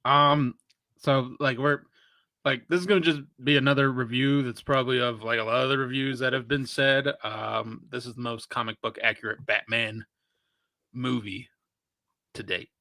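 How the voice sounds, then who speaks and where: A man's voice: medium pitch, steady tone, normal speed, bright, forceful tone, no room sound. A man giving a casual, enthusiastic film review on a podcast, using "like" a lot and recorded close and dry.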